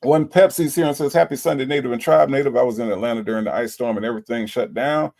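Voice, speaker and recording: A laid-back man from Florida hosts a casual livestream chat, reading out viewer comments in a chatty, playful way and repeating himself. His mid-range voice is fast, gravelly and darkish in tone.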